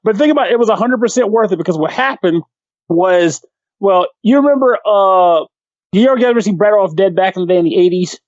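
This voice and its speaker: A man's voice: sits high, fast talker, no echo. Male co-host, loose profane storyteller, voices the people in his stories; dull, dry mic. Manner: animated storyteller, swears freely, acts out the people he quotes. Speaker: podcast co-host. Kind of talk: casual chat.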